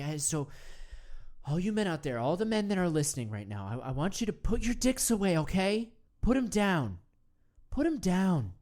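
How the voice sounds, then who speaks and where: A woman with a medium-pitched, darkish voice, close to her everyday one, hosts a comedy meditation show. She improvises a monologue as an earnest, meandering male self-help guru, full of stammered restarts.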